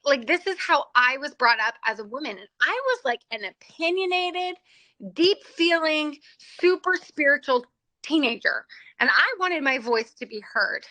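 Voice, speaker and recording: A middle-aged woman teaches a faith-based class, talking openly and with animation about her own spiritual life. Her voice is high and bright, and the recording is dry and close. She laughs at herself often as she goes. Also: no echo, low-quality recording.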